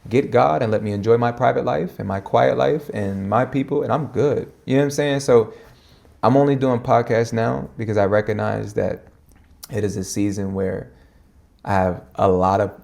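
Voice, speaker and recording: A man, a minister talking fast and animated in slang, in a casual podcast conversation. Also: fairly low pitch, gravelly.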